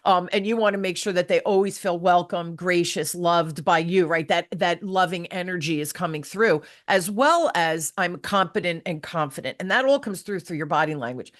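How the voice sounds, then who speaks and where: A middle-aged woman in casual conversation as a show host. She tells stories with lively acted-out quotes and asks her guest questions. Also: on the low side, normal speed, few pauses. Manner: animated storyteller, acts out quotes. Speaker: podcast host and sales trainer. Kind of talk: casual interview chat.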